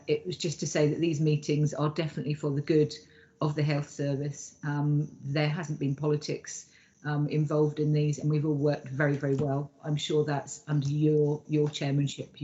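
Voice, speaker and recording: A man speaking as a councillor in an online meeting, quick and appreciative. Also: fairly high pitch, monotone, dark tone. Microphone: video call. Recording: dull lo-fi video call audio.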